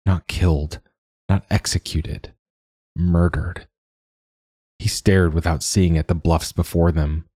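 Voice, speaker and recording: A man narrating an audiobook in a measured, steady way. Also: low voice, slightly rough, dry recording.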